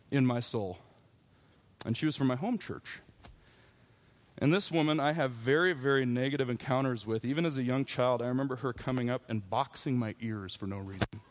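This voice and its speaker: A man in his thirties, a pastor, preaching a sermon in a candid, conversational storytelling way. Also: mid-range voice. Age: 30s.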